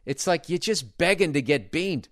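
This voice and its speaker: A man's voice: fairly high pitch, animated, moderate pace, no room sound. A middle-aged man, ranting casually and profanely, often stumbling and restarting his sentences. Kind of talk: casual rant about baseball.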